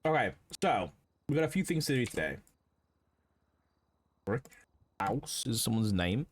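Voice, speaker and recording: A man's voice: medium pitch, animated, unhurried, breathy edge. A man streaming a roleplay game, chatting casually and rambling with lots of fillers and swearing.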